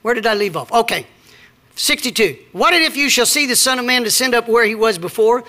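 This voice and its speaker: A man's voice: very high voice, lively intonation, brisk, pushed and bright. A middle-aged man, preaching a sermon with scripture readings and personal stories. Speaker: pastor.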